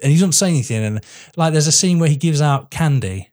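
Male podcast co-host, casual film chat, animated and emphatic. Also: fast talker. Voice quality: animated, emphatic, rising pitch when excited.

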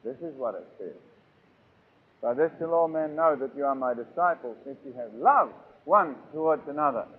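A man preaching a sermon, emphatic and swinging between loud and soft. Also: medium pitch, expressive, normal speed, husky. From New Zealand. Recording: tinny lo-fi phone-like recording.

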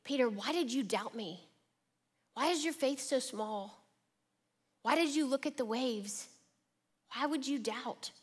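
A woman voicing an exasperated grown man who scolds his followers with rapid, frustrated questions. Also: high voice, husky, pitched above the performer's own voice.

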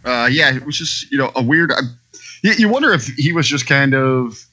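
A man's voice: medium pitch, lively intonation, normal speed, pushed and bright. A man co-hosting a wrestling podcast, giving earnest, emphatic opinions in casual chat. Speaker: podcast co-host.

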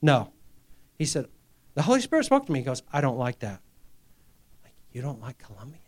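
A middle-aged male pastor preaching a testimony sermon, dropping to near-whispers and rising to loud, emphatic lines, acting out quoted dialogue. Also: mid-range voice, wildly swooping pitch, normal speed, a little hiss or hum. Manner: acts out quoted dialogue in a raised voice.

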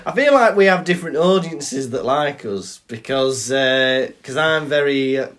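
A man, chatting as a podcast co-host. He tells his stories with animation and laughs often. His voice sits at a middle pitch. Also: expressive, moderate pace, fairly bright tone. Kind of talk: casual chat.

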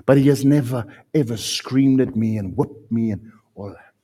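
Husky South African preacher. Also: male voice, medium pitch, moderate pace. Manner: impassioned preaching, swinging from loud to hushed. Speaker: pastor. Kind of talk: sermon.

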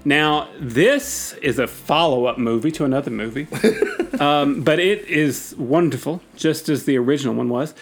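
A man in his forties co-hosts a podcast in an enthusiastic, rambling style, laughing often as he talks. His voice sits a little high. Faint music plays beneath the conversation. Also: moderate pace. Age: 40s. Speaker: podcast co-host. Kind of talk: casual chat.

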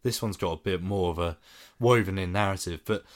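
A man casually chatting about a film as a podcast co-host, enthusiastic, his phrases trailing off low. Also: brisk.

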